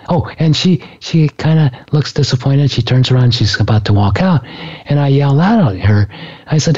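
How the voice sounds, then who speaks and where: A man telling a story in a relaxed spiritual talk, animated and laughing often. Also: medium pitch, moderate pace, muffled recording. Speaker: author and speaker.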